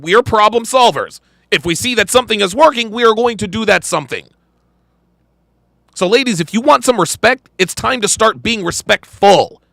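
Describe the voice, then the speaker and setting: A man's voice: sits high, gravelly, sharp tone, dry recording. A man hosting a podcast, reacting to a clip in emphatic, profane commentary and repeating his points.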